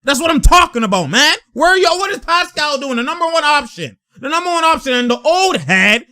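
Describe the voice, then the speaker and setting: A young man talks over game footage in a loose, slang-heavy reaction style. He laughs often and slips into the players' voices as he narrates. His voice sits high and rings bright and forward. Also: very animated, a little fast. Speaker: sports reaction host. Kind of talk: casual basketball reaction commentary.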